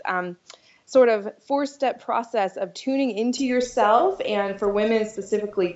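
A woman's voice: medium pitch, a little mellow, roomy sound, highs cut off. A woman being interviewed as a dating coach, chatting casually, laughing often and restarting her sentences. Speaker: podcast guest, dating coach.

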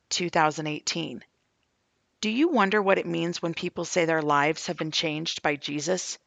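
A middle-aged woman reads her journal entries aloud with earnest, searching sincerity. Her voice is gravelly with plenty of fry, and the recording is dry and close with no room sound. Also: low-pitched, a bit bright, no room sound, highs cut off. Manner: earnest, questioning, heartfelt. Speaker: grieving mother sharing her faith testimony. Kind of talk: reading her own journal posts aloud.

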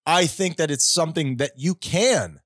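A man's voice: a little high, lively intonation, normal speed, fairly bright tone, no echo, studio quality. A man co-hosting a casual comedy podcast, teasing and mock-serious as he banters with his friend. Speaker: podcast co-host.

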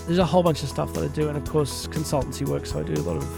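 A middle-aged podcast host and Catholic speaker delivers a casual, heartfelt monologue over music, talking in an earnest, chatty way with laughs and asides. His fairly high, gravelly voice is very animated and very fast.

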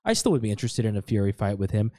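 A man's voice: on the low side, very animated, rapid-fire, mellow, no room sound, studio quality. A young man co-hosting a podcast, easygoing and rambling, with frequent laughs, in casual chat. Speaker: podcast co-host.

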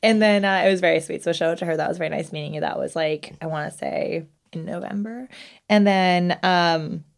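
A woman's voice: fairly low pitch, brisk, creaky. A young woman co-hosting a podcast, telling stories in casual chat, laughing often and swearing freely. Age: young adult. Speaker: podcast co-host.

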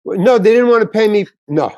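Animated older man telling a story. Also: high voice, brisk, dry recording, lo-fi sound. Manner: animated storyteller acting out quotes. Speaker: guest actor. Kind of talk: telling an anecdote in an interview.

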